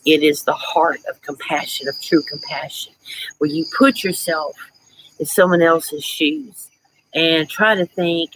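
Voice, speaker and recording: A woman's voice: low voice, animated, a little slow, rough recording. A middle-aged woman hosting a casual live chat, talking in a reflective, chatty way and breaking into laughs. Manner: chatty, reflective, laughs often, greets viewers warmly. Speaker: livestream host.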